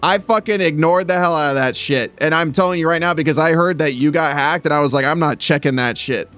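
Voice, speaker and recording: A man's voice: fairly high pitch, fairly quick, fairly bright tone, faint music behind. A man chatting casually on his livestream, stammering through restarts and swearing as he talks. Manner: thinks aloud while adjusting his mic sound. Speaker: streamer.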